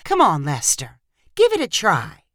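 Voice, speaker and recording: A woman's voice: mid-range voice, huge pitch swings, a little slow, a bit bright, dry recording, studio quality. A woman voicing a sweet but exasperated wife who coaxes and scolds her husband. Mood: coaxing. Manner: coaxing, then scolding.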